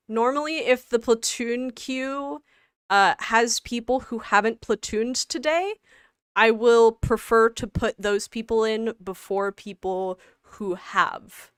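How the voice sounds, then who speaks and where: A woman co-hosting a game livestream in casual chat, halting and full of fillers and restarts. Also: medium pitch, fairly bright tone, clear, resonant tone, no echo, clean studio sound. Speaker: stream co-host.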